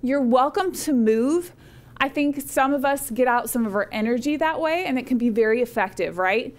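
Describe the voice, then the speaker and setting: Higher-pitched woman giving a speech lesson. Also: lively intonation, normal speed. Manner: conversational, encouraging, with many "right?" and "okay?" checks. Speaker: college speech instructor. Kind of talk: recorded lecture.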